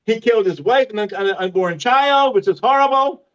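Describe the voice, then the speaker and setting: Stand-up comic, man in his fifties, high voice, laughs at his own punchlines, dull lo-fi sound. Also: moderate pace, clear, resonant tone. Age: 50s. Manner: self-mocking, laughs at his own jokes. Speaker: stand-up comedian. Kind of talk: stand-up comedy set.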